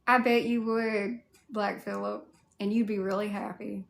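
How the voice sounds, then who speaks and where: A cosplay streamer with a Southern US accent answers viewer chat casually and at length, peppering her talk with "like." Her medium-pitched, creaky voice is flat and unhurried, and the room is echoey.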